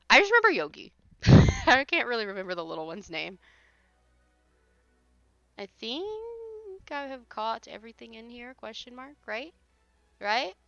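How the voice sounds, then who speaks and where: Woman live-streamer, casual chat, blunt and exasperated, crisp tone, slightly lo-fi mic. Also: medium pitch, pushed and bright, no room sound. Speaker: streamer reading paranormal posts.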